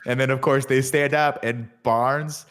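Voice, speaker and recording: A man co-hosting a podcast, retelling a movie plot in an animated, profane, casual way. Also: medium pitch, measured pace, smooth. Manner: animated, profane storytelling with acted-out quotes. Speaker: podcast co-host. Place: studio.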